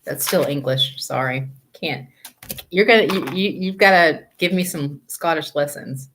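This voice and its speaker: A woman's voice: deep voice, measured pace, noisy background. Chatty woman hosting a tarot live stream. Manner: chatty, greets viewers by name, laughs often. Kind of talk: casual live-stream chat with viewers.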